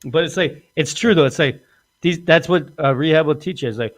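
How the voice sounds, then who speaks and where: A man hosts a loose, crude comedy podcast. He rambles from story to story and swears often. He puts on animated voices when he quotes people. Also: on the high side, a little fast. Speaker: podcast host. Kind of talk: casual crude comedy chat.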